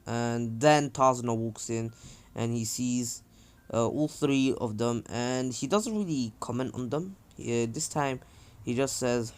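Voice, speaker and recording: A man's voice: mid-range voice, unhurried, fairly bright tone, smooth. A man casually telling a fan-fiction story, rambling with lots of fillers. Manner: rambling, many fillers and restarts.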